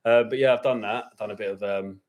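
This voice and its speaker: A man's voice: fairly low pitch, steady tone, fast talker. A man hosting a podcast, chatting in a jokey, matey way. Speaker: podcast host. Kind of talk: casual chat.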